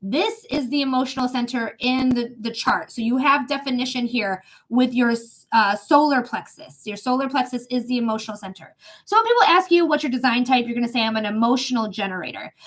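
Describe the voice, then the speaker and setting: A woman hosting a live psychic reading stream, giving chatty, emphatic advice with quick asides. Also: high voice, fairly bright tone. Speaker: psychic reader and livestream host.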